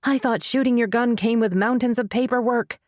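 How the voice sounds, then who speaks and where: Woman doing a frantic mother, shrill, high and strained, dry close recording. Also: fairly even intonation, moderate pace, no echo, lightly acted. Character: frantic middle-aged mother, shrill and anxious.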